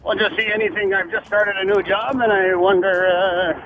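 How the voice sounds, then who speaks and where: A male truck driver calls into a radio show from his cab in traffic. He is easygoing and laughs often, and his voice sits unusually high for a man. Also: fairly even intonation, moderate pace, phone-quality sound. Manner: laid-back, laughs easily. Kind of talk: phone-in call.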